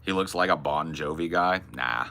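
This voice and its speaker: A man's voice: extremely low pitch, moderate pace, creaky, pushed and bright. A man in his forties chatting casually as a podcast host, rambling and laid-back, with plenty of casual swearing. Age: 40s. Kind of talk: casual chat.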